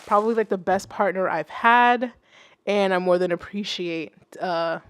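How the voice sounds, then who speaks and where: A young adult woman, a music producer, hosting a casual livestream and chatting with viewers, swearing freely and swinging between loud outbursts and soft asides. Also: mid-range voice, moderate pace, clean tone. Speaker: music producer and stream host.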